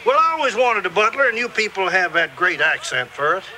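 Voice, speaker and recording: A crafty wisecracking grandpa. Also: male voice, high-pitched, sing-song, fairly quick. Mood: teasing. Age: older. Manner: bantering, crafty deal-making. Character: wisecracking old grandfather, baseball fan. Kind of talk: 1980s sitcom acting. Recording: noisy old VHS TV broadcast.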